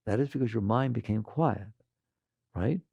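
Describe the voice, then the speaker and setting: An older man giving an animated spiritual talk to an audience, asking rhetorical questions and acting out quoted voices. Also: mid-range voice, normal speed, gravelly, breathy edge, no echo, dull audio. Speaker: spiritual teacher.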